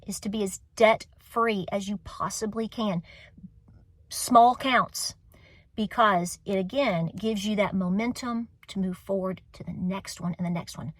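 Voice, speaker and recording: A woman's voice: medium pitch, moderate pace, dry recording. A woman in her forties with a Southern US accent, hosting a homestead vlog, talking to her viewers in an earnest, emotional, encouraging way, close to tears and repeating phrases for emphasis. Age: 40s. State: tearful. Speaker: homestead channel host. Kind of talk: heartfelt vlog talk to viewers.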